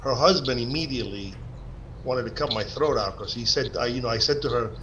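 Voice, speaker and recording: A man from Cuba with a Cuban Spanish accent tells stories on a video call. His voice sits at a middle pitch, and the sound is dull and lo-fi with a faint noise floor. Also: brisk, a bit bright. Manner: anecdotal storyteller. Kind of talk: casual chat on a video call.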